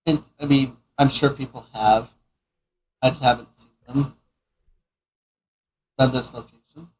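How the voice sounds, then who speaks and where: A man's voice: medium pitch, fairly even intonation, a little slow, husky, rough recording. A man co-hosting a casual podcast, easygoing and teasing, laughing along with his partner. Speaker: podcast co-host. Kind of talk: casual chat.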